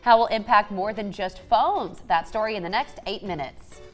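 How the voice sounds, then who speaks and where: A woman's voice: medium pitch, moderate pace, faint music behind. A woman co-anchoring morning news, joking casually before reading a tease.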